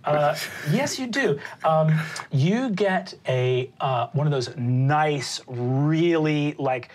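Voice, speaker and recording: A woman narrating as game master of a tabletop game, halting with many fillers. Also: deep voice, expressive, a little mellow, a little hiss or hum.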